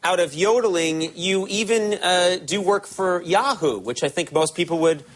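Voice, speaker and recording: High-voiced joking talk show host, man. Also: normal speed, poor audio. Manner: joking, deadpan asides. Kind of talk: late-night talk show interview. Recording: TV studio with audience and noise. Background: studio audience.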